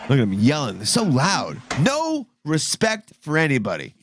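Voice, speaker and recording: A man co-hosting a podcast, swearing and joking loudly as he reacts to a video with his co-host. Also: on the high side, wildly swooping pitch, moderate pace, slight background noise. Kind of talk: casual crude reaction banter.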